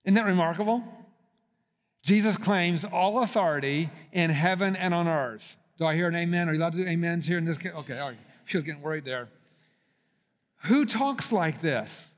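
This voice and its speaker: A man's voice: fairly high pitch, lively intonation, normal speed. Man preaching in a reverberant hall. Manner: rising to emphatic repeated questions. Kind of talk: sermon.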